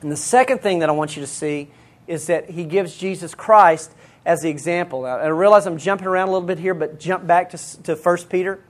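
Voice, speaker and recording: Earnest preacher, midrange voice, talks straight to the ladies, reads bible verses out loud. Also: medium pitch, a little fast. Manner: earnest, addresses listeners directly and reads scripture aloud. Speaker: Bible teacher. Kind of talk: sermon.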